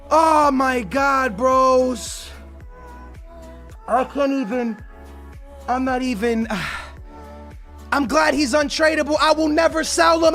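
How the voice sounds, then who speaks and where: A young man opening game card packs, excitable and stammering, his voice shaky with excitement as he keeps calling out to his viewers. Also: extremely high pitch, takes it slowly, creaky, faint music behind. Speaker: gaming YouTuber. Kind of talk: excited pack-opening commentary.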